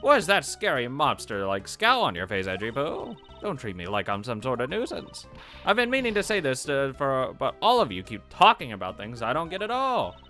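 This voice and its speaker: A man voicing a shrill, nagging elderly female guard who fawns and scolds by turns. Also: huge pitch swings, moderate pace, sharp tone, soft background music. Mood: whining. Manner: screechy, fawning and scolding by turns.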